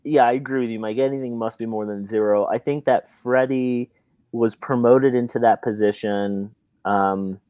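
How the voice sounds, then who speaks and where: A man hosting a casual football podcast, animated, his pitch jumping up when he stresses a point and often repeating words as he thinks. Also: normal speed, clean tone, no room sound. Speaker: podcast host. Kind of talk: casual chat.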